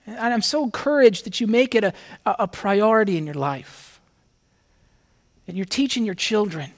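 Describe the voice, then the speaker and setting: A man's voice: high voice, normal speed. A man preaching a conversational sermon to his congregation, speaking earnestly and reading scripture aloud with rising emphasis. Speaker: pastor.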